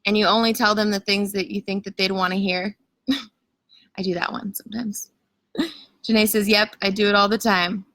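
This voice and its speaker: Bright, chatty woman coach. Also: mid-range voice, little pitch movement, moderate pace, pauses often, no echo, poor audio. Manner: casual, chatty, filler-heavy with frequent "like"; greets viewers and reads comments aloud. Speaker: coach leading an online challenge. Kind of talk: live-stream coaching talk.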